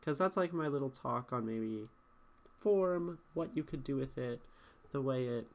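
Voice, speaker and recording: A man's voice: medium pitch, a little slow. A man streaming live, critiquing a viewer's poem casually, thinking aloud and checking in with chat. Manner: thinking aloud, asks chat questions with many "right?"s.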